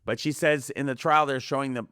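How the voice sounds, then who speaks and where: Man, podcast guest, rambling and animated, mid pitch, close dry mic. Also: fairly quick, clear, resonant tone, no room sound. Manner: rambling, animated, acts out quoted voices. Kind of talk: casual conspiracy podcast chat.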